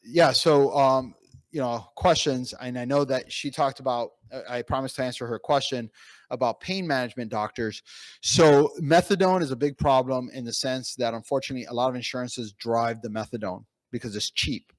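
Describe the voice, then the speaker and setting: A man speaking as a pain physician at a conference, telling patient stories in an animated way with many fillers and restarts. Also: mid-range voice, moderate pace, dry recording. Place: conference room.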